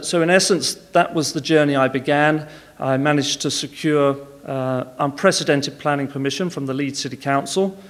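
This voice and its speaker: A man's voice: medium pitch, in a large hall. A man speaking at a conference, telling frank, wry business anecdotes.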